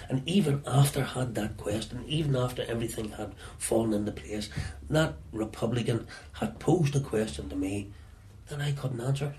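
A Northern Irish man telling stories from his past in an interview, often halting and repeating words as he searches for them. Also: mid-range voice, darkish tone, a little hiss or hum. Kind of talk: reflective storytelling.

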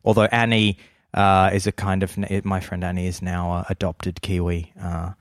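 A man's voice: sits low, level tone, normal speed, no room sound, studio quality. A man from Australia co-hosting a comedy podcast, riffing playfully in casual chat. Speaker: podcast co-host.

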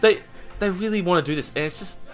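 A young man with an Australian accent, co-hosting a casual podcast chat, animated and swearing freely as he banters. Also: sits high, fast, soft background music. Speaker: podcast co-host.

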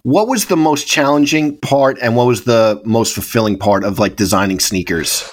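A man's voice: mid-range voice, normal speed. A man co-hosting a podcast, asking a guest interview questions. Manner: brief backchannel replies. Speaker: podcast co-host.

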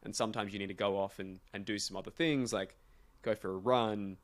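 Reflective podcast host, man, lowish voice. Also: fairly even intonation, a little fast. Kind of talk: casual podcast chat.

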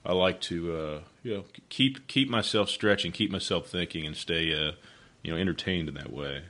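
A man hosting a podcast interview in a booming radio voice, relaxed and reflective as he asks open questions. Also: normal speed. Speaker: podcast host.

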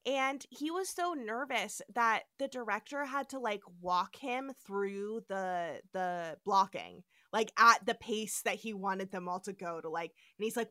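A woman's voice: medium pitch, measured pace, few pauses, no room sound, studio quality. A woman hosting a casual podcast, retelling episode scenes and acting out the characters' lines. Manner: animated storytelling, acts out quotes. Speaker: podcast host.

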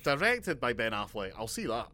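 Bright-sounding guy doing deadpan bits on a comedy podcast. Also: mid-range voice, normal speed. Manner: dry, deadpan absurd jokes. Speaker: podcast co-host. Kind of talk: casual comedic chat.

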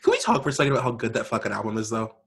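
A man's voice: lowish voice, sing-song, racing, creaky, a little hiss or hum. A man co-hosting a podcast, rambling sarcastically about celebrity gossip, swearing and saying "like" often. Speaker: podcast co-host. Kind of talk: casual gossip chat.

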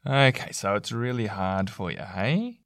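A man's voice: lowish voice, animated, measured pace, a bit bright, no room sound, clean studio sound. A man speaking as a parenting counselor in a mock counseling session, earnest and coaxing, with lots of fillers and restarts.

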